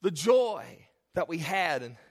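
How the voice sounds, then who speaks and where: A man in his forties, a pastor preaching a sermon in a church, animated and jokey, telling stories and acting out the people in them. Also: a little high, a little slow. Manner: animated, jokey, acts out characters in anecdotes. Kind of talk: sermon with storytelling. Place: church sanctuary. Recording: long hall reverb.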